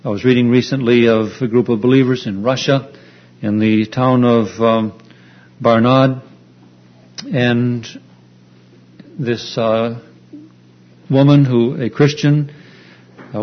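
A man preaching an earnest, explanatory sermon, pausing often with fillers as he retells a story. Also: medium pitch, steady tone. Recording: dull lo-fi recording.

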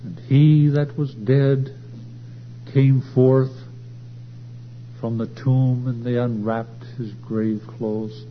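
A man preaching a sermon at a church service, swelling louder and higher as he drives his points home. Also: little pitch movement, drawn-out words, pauses often. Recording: dull lo-fi recording with faint hum.

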